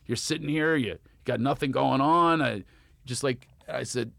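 Animated male comedian telling stories. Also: measured pace, vocal fry, dry recording, clean studio sound. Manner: animated storyteller, acts out quotes with big pitch jumps. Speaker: comedian guest. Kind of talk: casual storytelling chat.

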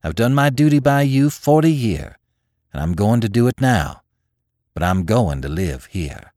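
A man voicing a stern, determined older farm wife who talks slowly and firmly in plain rural speech. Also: fairly low pitch, sing-song, darkish tone, dry recording, clean studio sound.

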